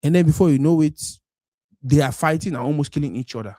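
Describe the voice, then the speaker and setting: A man's voice: fairly high pitch, fast, warm tone, no room sound, clean studio sound. A man from Cameroon with a Cameroonian Pidgin English accent, hosting a live stream in a casual monologue that slides between Pidgin and English. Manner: mixes Pidgin and English, acts out quoted voices.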